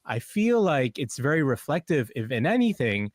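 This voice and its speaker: A man contributing from a studio, talking in a relaxed, hesitant way with many fillers. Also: mid-range voice, moderate pace, dry recording. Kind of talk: casual radio chat.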